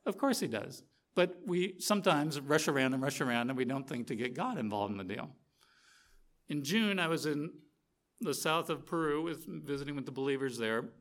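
A middle-aged man preaching a sermon, telling a story with lively, animated energy and acting out the quotes. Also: a little high, normal speed.

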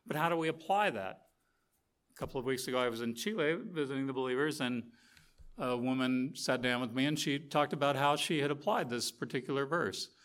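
A middle-aged man preaching a sermon, telling a story with lively, animated energy and acting out the quotes. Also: mid-range voice, fairly quick, clean tone.

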